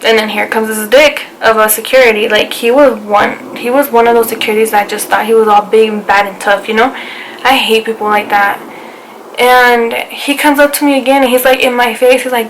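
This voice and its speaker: A young woman in her twenties tells a story on her vlog, talking casually and swearing a lot as she acts out each exchange. Her voice sits rather high but keeps a fairly even, flat melody. A faint hiss runs under the recording. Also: fairly quick, low-quality recording. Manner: animated retelling, swearing, lots of "I was like". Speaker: vlogger.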